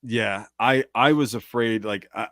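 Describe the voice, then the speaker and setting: A man's voice: fairly low pitch, unhurried, fairly bright tone, dry recording, clean studio sound. A man co-hosting a casual chat show, reacting with frequent exclamations. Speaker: podcast co-host.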